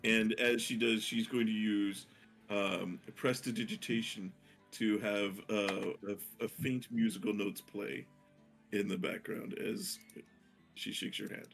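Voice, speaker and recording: A man's voice: lowish voice, fairly even intonation, measured pace, a bit bright, soft background music. A man narrating as game master, rambling with many fillers and restarts.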